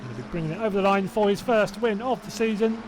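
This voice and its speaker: Speaking fast in a high voice against a noisy background, a man from Hertfordshire, England, commentates a sim race live with a southern accent. Between calls he chats and rambles with viewers, tosses in self-doubting asides, and laughs to himself.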